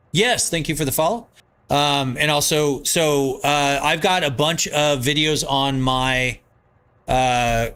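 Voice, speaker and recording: A man's voice: on the high side, bright, forceful tone. A man with a nasal voice, live-streaming from his home basement, reading viewer comments aloud and answering in loose, rambling casual chat.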